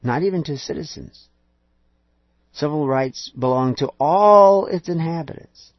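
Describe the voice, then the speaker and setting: A man's voice: a little high, a little slow, no echo. A man preaching an emphatic lecture, full of rhetorical questions and sarcastic asides, on a dull lo-fi recording.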